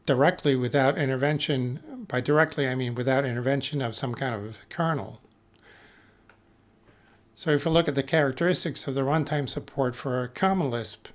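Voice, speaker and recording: A man giving a technical lecture as a conference speaker, measured and careful, pausing often with fillers and correcting himself mid-word. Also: mid-range voice. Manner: measured, with frequent filler pauses and self-corrections.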